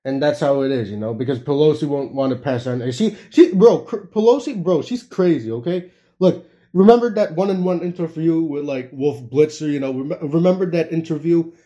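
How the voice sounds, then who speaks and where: Young male commentator, rambling and giggly, mellow tone, slightly raised pitch. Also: normal speed. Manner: rambling, laughing, many fillers and restarts. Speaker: political commentator. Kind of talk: casual political rant.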